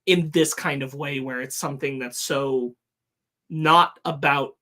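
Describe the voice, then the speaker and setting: A man's voice: mid-range voice, fairly even intonation, measured pace, pushed and bright. A man co-hosting a podcast, talking earnestly and thinking aloud with restarts. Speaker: podcast co-host. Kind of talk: casual podcast chat.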